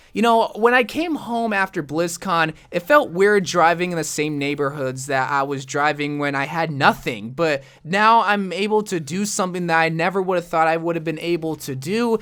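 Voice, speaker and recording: A man's voice: high-pitched, normal speed, hardly any pauses, a bit bright. A young man, a gaming YouTuber, telling a personal story in his vlog, earnest and self-deprecating.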